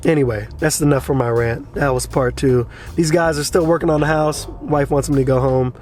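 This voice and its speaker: A man's voice: on the high side, fairly even intonation, a little fast, darkish tone, soft background music. A man ranting casually to camera as a crypto vlogger, frustrated and blunt, swearing freely and urging his viewers again and again.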